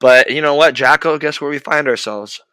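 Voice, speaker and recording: A young man telling an animated, profane story about his hockey days in casual chat. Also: on the high side, moderate pace, smooth, no room sound. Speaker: podcast host, former hockey goalie.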